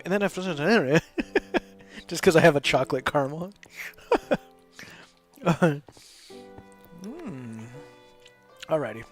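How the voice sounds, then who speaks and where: A man hosting a live game stream, chatting casually and rambling, often breaking into laughs. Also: a little high. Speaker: host of a live gaming stream. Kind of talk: casual gameplay commentary.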